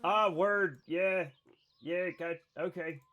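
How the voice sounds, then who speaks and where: A man's voice: high voice, steady tone, slow, highs cut off. A tipsy man streaming a game and chatting casually with his viewers, blunt and profane.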